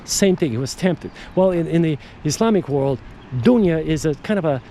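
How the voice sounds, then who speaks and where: A man's voice: a little high, animated, normal speed, dark tone, a little hiss or hum. A man hosting a podcast, talking in a casual, digressive monologue that repeats words and restarts sentences. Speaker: podcast host.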